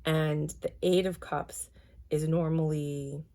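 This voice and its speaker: Woman, tarot reader, casual slangy reading, dramatic, fairly low voice. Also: fairly even intonation, slow pace, mellow. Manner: dramatic, acts out quotes, slangy.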